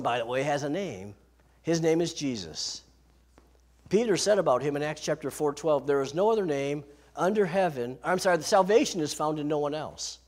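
A man preaching a sermon, lively and slowing down on key phrases. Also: on the high side. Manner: lively preaching, slows for emphasis. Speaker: pastor.

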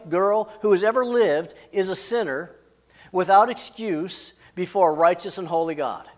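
High-voiced man preaching a sermon. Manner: emphatic preaching with swings in loudness and pace. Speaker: pastor.

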